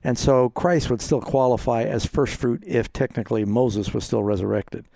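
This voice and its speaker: A male pastor hosting a call-in radio show. His voice is gravelly and dark, and it sounds close and dry, with no room around it. He explains scripture to callers in an easygoing way. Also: medium pitch, moderate pace, no room sound. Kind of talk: call-in Bible answers.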